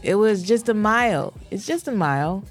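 A woman in her thirties co-hosting a podcast, telling stories with animated laughter in casual chat. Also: mid-range voice, moderate pace, faint music behind. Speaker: podcast co-host.

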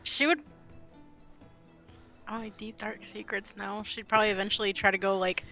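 Bright, sarcastic woman player. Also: medium pitch, level tone, normal speed, soft background music. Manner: dry, sarcastic. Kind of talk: casual play chat.

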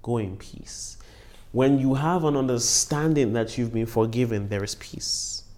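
An earnest man leads a devotional Bible teaching at a middle pitch. He repeats his key phrases so they land and drops short words of praise between his points. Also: moderate pace, darkish tone. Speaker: preacher and podcast host.

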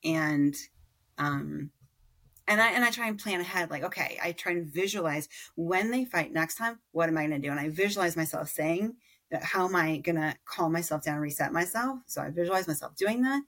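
A woman in her thirties with a low voice and a gravelly fry running through it. She talks candidly and thoughtfully about her own parenting, stopping to restart and fill pauses as she goes. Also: fairly bright tone. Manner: candid and reflective, with frequent fillers and restarts. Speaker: podcast guest. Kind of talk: conversational interview.

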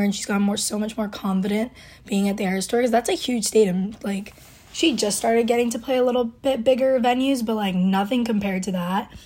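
Gushing, husky young woman. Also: medium pitch, a little mellow. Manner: gushing, rambling, lots of likes and ums. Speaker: podcast host. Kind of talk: casual fan chat.

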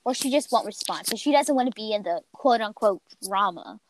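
A woman's voice: mid-range voice, brisk, dry recording, poor audio. A young woman hosting a podcast, telling a story in casual chat and acting out what people said. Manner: animated storytelling, acts out quotes. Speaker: podcast host.

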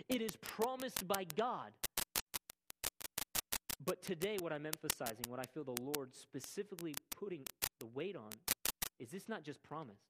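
A man's voice: on the high side, poor audio. A man preaching a sermon, emphatic, repeating key words and checking in with "right?". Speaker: pastor. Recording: loud music behind voice.

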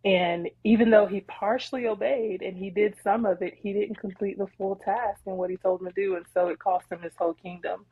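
A woman co-hosting a podcast, retelling a Bible story in casual chat with animated, laughing energy. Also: medium pitch, fairly quick, few pauses, slightly rough, dry recording, phone-quality sound. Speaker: podcast co-host.

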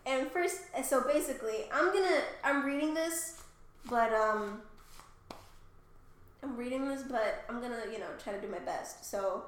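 A woman's voice: fairly high pitch, normal speed. A young woman co-hosting a podcast, retelling a myth in rambling casual chat and swearing easily. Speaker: podcast co-host. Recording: echoey room.

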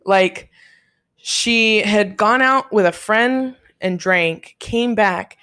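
A woman's voice: mid-range voice, extremely slow, smooth. A young woman telling a story in casual chat, swearing freely and acting out what people said. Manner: profane, animated, quotes people in their voices.

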